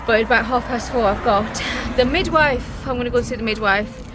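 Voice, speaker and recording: British mum talking to camera at a bus stop, bit breathless, chatty, faint street noise behind. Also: female voice, on the high side, fairly quick. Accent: British English. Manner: chatty, laughing, talking while walking. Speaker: family vlogger and mum. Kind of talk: casual vlog chat to camera. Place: outdoors in a town, at a bus stop.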